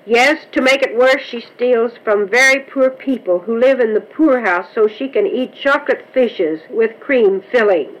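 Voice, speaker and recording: A woman's voice: on the high side, unhurried, few pauses, low-quality recording. A woman voicing a stern, solemn village pastor scolding his daughter.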